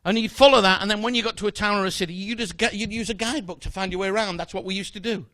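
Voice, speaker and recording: A man's voice: high-pitched, fairly even intonation, very fast, pushed and bright, no room sound. A man performing a magic routine, chatting jokily with a volunteer from the audience on stage. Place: stage in front of a live audience.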